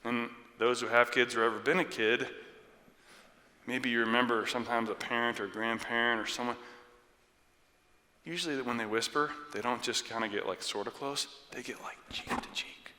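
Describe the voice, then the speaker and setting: Man, 30s, pastor, conversational sermon, very bright voice, long church reverb. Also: mid-range voice, steady tone, normal speed. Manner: conversational, checks in with "right?". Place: church sanctuary.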